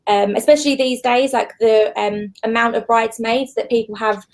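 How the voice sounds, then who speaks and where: A woman's voice: fairly high pitch, steady tone, normal speed. Chatty Essex woman, filler-heavy. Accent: Essex English. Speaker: bridesmaid dress seller and podcast co-host. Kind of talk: casual podcast chat.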